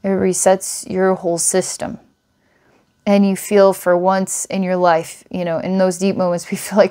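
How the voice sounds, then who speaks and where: Woman psychic, mid-pitched voice, earnest and rambling, halting restarts, reading for a client. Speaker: psychic reader.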